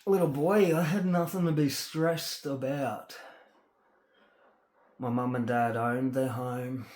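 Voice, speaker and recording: Australian guy, agitated rambling vlog rant, halting and stumbling over words, mid-pitched, recorded in an echoey room. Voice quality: halting speech, stuck on words. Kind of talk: ranting personal monologue.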